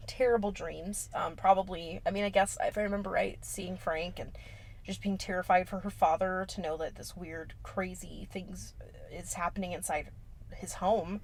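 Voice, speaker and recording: A woman's voice: mid-range voice, a little mellow. Sassy young woman recapping a movie. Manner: sassy, swears, acts out characters in slangy voices. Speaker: podcast co-host. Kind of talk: casual horror movie recap.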